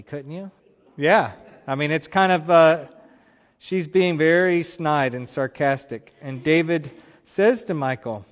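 A man teaching a Bible passage in a relaxed, conversational way, retelling the story with animated asides. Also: on the high side, normal speed, long reverb tail, muffled recording. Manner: animated, retells scripture with voiced quotes.

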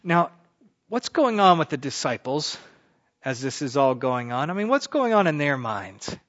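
A man teaches a Bible lesson in the manner of a sermon, conversational and easygoing. He swells into louder emphasis on key words, then drops back down. The recording is muffled and lo-fi. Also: a little high, very animated, normal speed. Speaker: pastor teaching a Bible class. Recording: dull lo-fi recording.

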